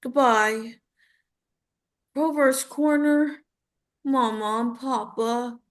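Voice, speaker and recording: A woman performing a dramatic monologue as the ghost of a young woman, tender and pleading, with halting delivery. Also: on the high side. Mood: grieving, wistful.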